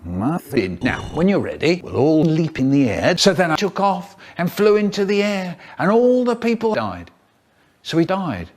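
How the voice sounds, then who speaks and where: A man telling comic stories in a playful, animated way, full of sudden vocal swings. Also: on the high side, normal speed. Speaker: storyteller. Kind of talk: spliced comic storytelling clips.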